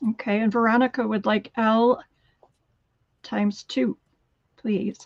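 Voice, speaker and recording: A woman's voice: fairly high pitch, level tone, takes it slowly, creaky, no echo, highs cut off. A woman helping at a live sale by reading out buyers' orders in a matter-of-fact, playful way.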